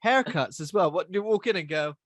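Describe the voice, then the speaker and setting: A man's voice: sits high, expressive, a little fast, no echo. A man co-hosting a casual film podcast, jokey and prone to tangents.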